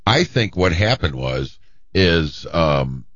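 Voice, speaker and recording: Very deep guy on sports radio, bouncy delivery, stumbles and repeats, lo-fi. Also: lively intonation, fairly bright tone, dry recording. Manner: halting, repeats himself. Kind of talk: casual sports radio chat.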